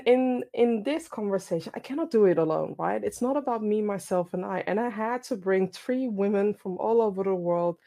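A woman's voice: lowish voice, dark tone. Woman host with lots of restarts. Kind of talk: hosting an online panel.

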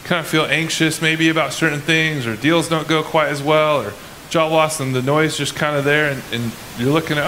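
Against a noisy background, a male pastor with a voice on the high side preaches at normal speed in a steady tone. His sermon is casual and conversational, full of restarted sentences and quoted asides voicing people's inner thoughts.

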